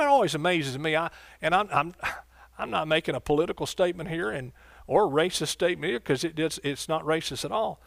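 A man preaching from the pulpit, his voice sitting fairly high for a man and recorded dry and close. He keeps asking the congregation if they are with him. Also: a bit bright, no room sound. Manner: preacherly call-and-response, asks congregation questions. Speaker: pastor. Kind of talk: sermon.

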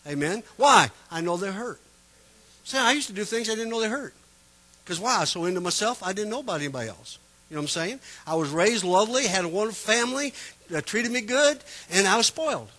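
A man preaching a folksy, chatty sermon full of personal stories, growing loud when he gets fervent. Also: high voice, expressive, brisk. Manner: folksy, chatty, repeats "you know what I'm saying".

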